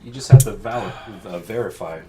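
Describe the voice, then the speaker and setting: Low-voiced laid-back young man. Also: animated, brisk, mellow, slight background noise. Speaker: podcast co-host. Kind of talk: casual podcast banter.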